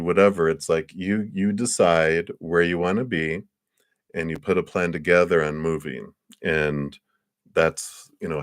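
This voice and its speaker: A man's voice: low voice, no echo, clean studio sound. A man giving a casual live-stream tarot reading, chatty and rambling, often laughing. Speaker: tarot card reader.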